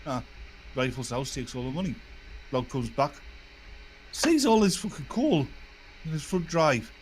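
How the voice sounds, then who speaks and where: A man spins long, crude jokes in a loose, rambling way. His voice sits a little high and leaps up and down as he acts things out. A faint background hiss sits under him on the call. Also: measured pace. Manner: animated joke-teller, crude and rambling. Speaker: podcast co-host. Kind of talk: telling crude jokes in casual chat.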